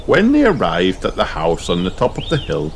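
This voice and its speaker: A man's voice: deep voice, normal speed, very noisy. A man reading a children's picture book aloud, voicing every character himself. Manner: expressive, does all the character voices. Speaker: audiobook narrator. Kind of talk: children's storybook read aloud.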